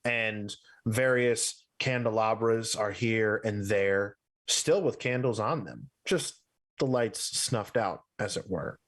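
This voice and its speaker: A man acting as game master, slowly describing a scene with fillers as he goes. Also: lowish voice, a bit bright. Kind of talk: narrating a tabletop game.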